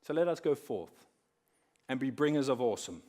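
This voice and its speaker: A man at a conference lectern, pitched mid-range, in a steady storytelling manner. He slows down and sinks his voice low and soft to let a point land. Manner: measured storyteller who drops quiet and slows for effect. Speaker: conference speaker. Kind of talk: talk on faith woven with storytelling.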